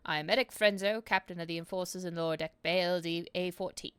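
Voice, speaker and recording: A stern, scornful male enforcer captain, as a woman puts him on, speaking in stiff, officious military phrasing. The voice sits fairly low and sounds dry and close, with no room around it. He reads like game dialogue. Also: steady tone, quick pace, clear, resonant tone, no room sound, lightly acted. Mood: stiff formal. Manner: formal, stiff military speech. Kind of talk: reading game dialogue aloud.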